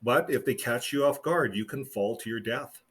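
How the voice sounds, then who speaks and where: A man's voice: mid-range voice, moderate pace, breathy edge, natural voice. A man reading the lines of a kindly, amused male angel guide in a storybook reading. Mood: reassuring. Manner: laughing, reassuring.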